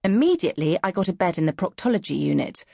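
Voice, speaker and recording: A woman's voice: fairly low pitch, sing-song, quick pace, gravelly, a little mellow, dry recording. A woman reading a novel in the first person, frank and wry, on a close studio mic. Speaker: audiobook narrator. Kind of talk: first-person audiobook narration.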